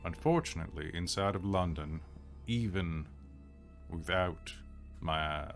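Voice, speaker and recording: A man with a very low voice sits at a tabletop game, speaking in character and thinking his plans through out loud. His delivery is easygoing and musing, and faint music plays underneath. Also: a little slow. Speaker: player. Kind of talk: in-character tabletop role-play.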